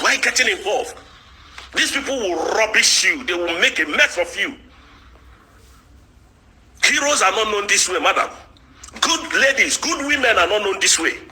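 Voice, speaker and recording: A man's voice: fairly high pitch, rough recording. A man angrily ranting in a scolding monologue. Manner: shouting insults, heated and scolding. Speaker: political commentator.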